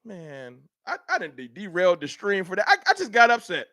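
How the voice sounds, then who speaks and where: Animated trash-talking man on a livestream. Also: sits high, a little fast, dry recording, studio quality. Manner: trash-talking, animated, reads chat aloud. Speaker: livestream host. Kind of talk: casual livestream sports banter.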